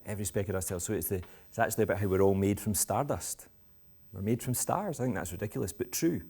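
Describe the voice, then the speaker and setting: A man's voice: on the low side, quick pace, vocal fry, a little mellow, slightly rough. A Scottish man giving a talk to school parents in a playful, provocative, self-mocking way. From Scotland. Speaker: education speaker. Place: school event with live audience.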